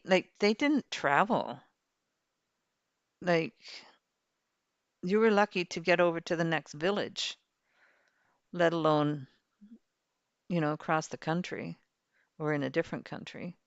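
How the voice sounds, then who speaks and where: A woman's voice: fairly low pitch, dry recording, lo-fi sound. A woman hosting a game livestream, chatting and rambling cheerfully while she plays. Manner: chatty, rambling, laughs easily. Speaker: livestream host. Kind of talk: casual chat while playing a farming game.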